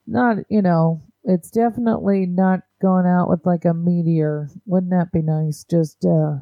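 Woman podcast co-host, halting and rambly, dry close sound. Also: lowish voice, fairly even intonation, no echo, phone-quality sound. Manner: rambling, halting, full of "like" fillers. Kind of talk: casual chat. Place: home, recording remotely.

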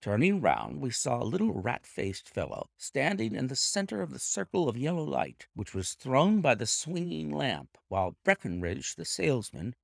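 A man reading a classic detective story aloud as an audiobook narrator, with lively storytelling. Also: medium pitch, creaky, no room sound, studio quality. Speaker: audiobook reader. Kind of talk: scripted narration.

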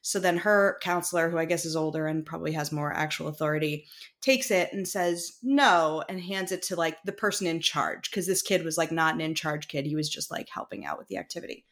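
A woman co-hosting a podcast, telling a casual story about her child with quick asides and acted-out dialogue. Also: deep voice, fairly even intonation, fairly bright tone. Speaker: podcast co-host and mother.

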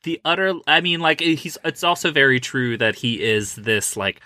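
A man co-hosting a casual film podcast, telling stories in an animated, profane way. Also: medium pitch, normal speed, no echo, studio quality. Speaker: podcast co-host.

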